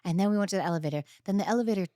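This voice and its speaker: Woman, thirties, podcast host, lively storyteller, dry close mic. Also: mid-range voice, racing, dry recording. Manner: animated storyteller, acts out quotes loudly. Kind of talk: casual chat.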